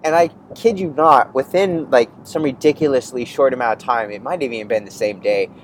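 Rambling animated male podcast host. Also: medium pitch, fairly quick, slight background noise, rough recording. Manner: rambling, animated, self-interrupting. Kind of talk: casual storytelling monologue.

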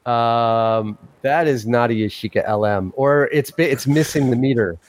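A man's voice: medium pitch, normal speed. A man in a casual group chat, talking in a wry, teasing way and laughing often.

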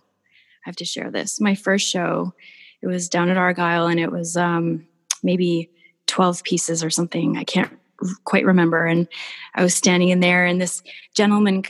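A woman artist telling warm, gushing stories in a casual podcast chat, with many restarts. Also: on the low side. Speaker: painter, podcast guest. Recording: long hall reverb.

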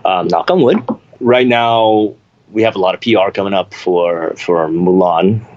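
A young man from Memphis, an actor talking as a podcast guest, animated and self-deprecating with frequent laughter. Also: deep voice, measured pace. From Memphis, Tennessee. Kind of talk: casual interview. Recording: slightly dull lo-fi sound.

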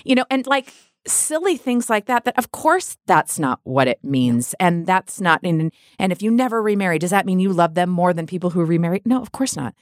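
Low-voiced woman speaking candidly about grief. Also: a little fast, no echo, studio quality. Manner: open, reflective, animated when quoting others. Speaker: guest. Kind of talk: candid podcast conversation.

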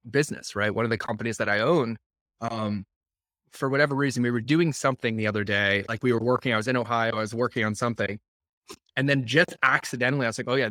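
A man hosting a podcast, chatting loosely and replaying little exchanges in a lively storytelling manner. His voice is bright and forward. The sound is close and dry, with no room around it. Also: mid-range voice, no echo. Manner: rambling, retells dialogue with lots of "I was like". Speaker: podcast host. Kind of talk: conversational podcast interview.

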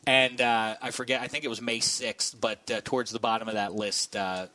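A man hosting a casual sports panel, bright and forceful in tone, wry and teasing with his co-hosts, talking at an everyday pace. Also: mid-range voice, fairly even intonation, normal speed, no room sound, distant mic. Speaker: sports show host.

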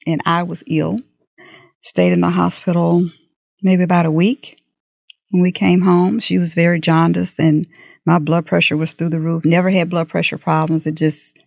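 A middle-aged woman candidly recounting a personal story in an interview, animated and acting out the dialogue. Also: lowish voice, creaky, no room sound, studio quality. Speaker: guest.

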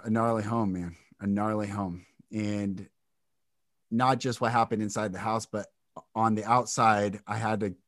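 A man's voice: lowish voice, a bit bright, no echo, clean studio sound. Intense man telling a raw story. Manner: intense, emotional storytelling, swears freely. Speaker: podcast guest. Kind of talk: candid interview talk.

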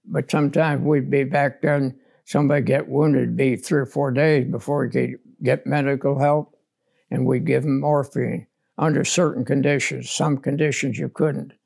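Gravelly older man, blunt storyteller. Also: mid-range voice, level tone, normal speed, darkish tone. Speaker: war veteran interviewee. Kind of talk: oral history interview.

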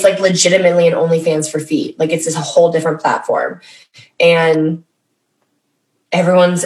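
A woman chatting casually on a podcast, full of "like" and quick laughs. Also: low-pitched, a little mellow, roomy sound, far from the mic, poor audio. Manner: chatty, many likes, laughs often. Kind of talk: casual chat.

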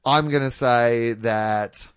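A man's voice: medium pitch, fairly even intonation, slow, slight background noise. A man co-hosting a casual sports podcast, chatty and jokey with lots of fillers. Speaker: podcast co-host.

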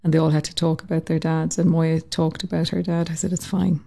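A woman telling a personal story in an interview, lively and acting out the voices she quotes. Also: sits low, brisk, gravelly. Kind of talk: conversational storytelling.

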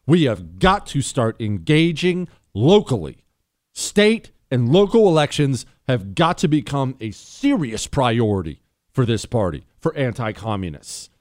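A man hosting a call-in talk radio show, wound up and ranting in fast, impulsive bursts. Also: medium pitch, big pitch swings, a little mellow, no echo, clean studio sound.

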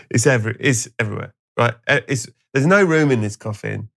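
Man, podcast host, gravelly fry, mid pitch, comic storytelling, hushed asides. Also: normal speed. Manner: spins absurd stories, dropping to hushed voices.

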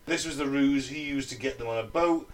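A man's voice: medium pitch, brisk, far from the mic, rough recording. Man telling a grim story. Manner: sweary, jokey, laughs mid-story. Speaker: podcast co-host. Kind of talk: casual storytelling to friends.

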